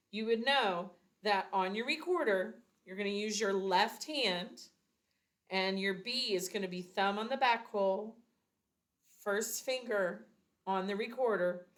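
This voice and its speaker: A woman leads a music lesson for beginners at an unhurried pace. She explains each step patiently and counts out rhythms in an even, mid-range voice. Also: mid-range voice. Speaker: music teacher. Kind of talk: recorder lesson.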